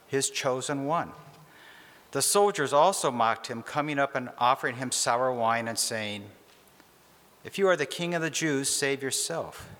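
A man's voice: medium pitch, a bit bright, big-room sound. Man solemnly reading scripture. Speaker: scripture reader.

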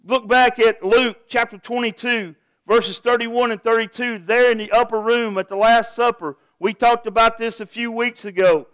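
A man's voice: extremely high pitch, steady tone, moderate pace, few pauses, fairly bright tone, smooth, dry recording. A pastor preaching a sermon to his congregation, earnest and asking them direct questions.

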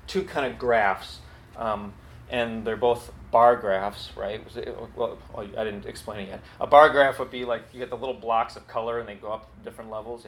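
Man, pastor, conversational sermon, earnest, roomy echo. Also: medium pitch. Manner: conversational, earnest, with quick asides. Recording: echoey hall, faint background noise.

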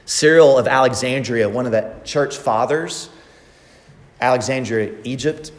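A man's voice: medium pitch, unhurried. A man preaching a sermon in a church, emphatic and repeating phrases for effect. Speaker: pastor. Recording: long reverb of a large hall.

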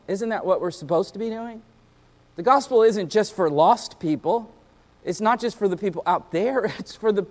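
Pastor, male, high-pitched; casual preaching style with asides, in a reverberant church hall. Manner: animated, conversational preaching with slang and asides. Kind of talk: sermon.

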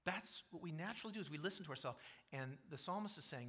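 Bright-voiced man preaching a sermon. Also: a little high, animated, fast talker, husky. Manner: emphatic preaching with sudden loud rising passages; quotes scripture aloud. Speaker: pastor.

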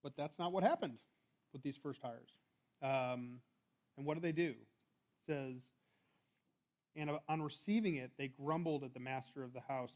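A man's voice: mid-range voice, measured pace, long pauses, a little mellow, dull audio. A man preaching a sermon in a church, talking casually and reading scripture aloud. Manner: conversational, restarts and fillers, reads scripture aloud.

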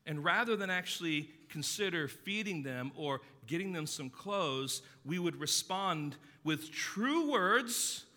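A man preaching a sermon as pastor, earnestly stressing key words and dropping his voice low to tell stories. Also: lively intonation, takes it slowly, hardly any pauses, sharp tone, long reverb tail. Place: church sanctuary.

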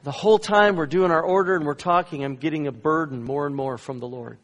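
A man, a guest pastor, telling a story in a sermon, swinging between loud emphatic lines and hushed soft ones. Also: fairly high pitch, fairly quick. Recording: long reverb in a large hall.

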